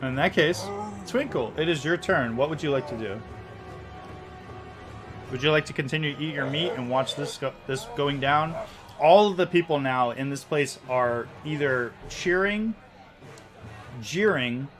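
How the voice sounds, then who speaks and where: A man's voice: fairly high pitch, a little slow, soft background music. A man narrating a fantasy battle. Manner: vivid, descriptive narration with frequent restarts. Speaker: game master. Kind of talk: narrating a tabletop game.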